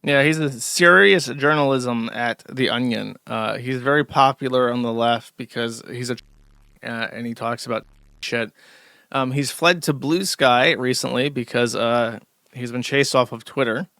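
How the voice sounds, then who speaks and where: A man delivers loose, sneering live-stream commentary, full of ums and restarts. His voice is bright and pushy, sitting at an ordinary male pitch, and the recording is dry, with no room sound. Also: measured pace, creaky, clean tone, no echo. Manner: mocking, sarcastic, rambling with many fillers. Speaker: streamer host.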